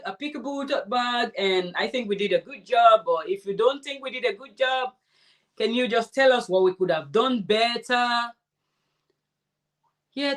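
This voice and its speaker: Heartfelt woman chatting on a livestream. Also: medium pitch. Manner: chatty, heartfelt, answers viewer comments aloud. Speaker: crafting channel host. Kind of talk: casual livestream chat.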